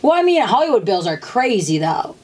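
A woman's voice: a little high, sing-song, brisk, darkish tone, a little hiss or hum. A woman hosting a casual chat, joking and chatty. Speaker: host.

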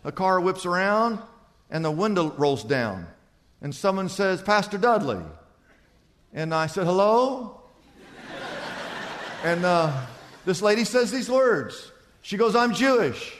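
Male pastor, sermon, high lively voice, long hall reverb. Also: slow pace, pauses often. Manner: animated storytelling, swinging from loud to quiet.

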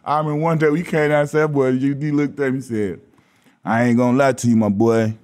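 A man's voice: medium pitch, quick pace, smooth. A man from Los Angeles, a podcast guest, telling casual stories and acting out the voices of the people in them with a lot of laughter. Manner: animated storyteller who acts out quoted voices, laughing often. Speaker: podcast guest, former basketball player. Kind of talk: casual storytelling chat.

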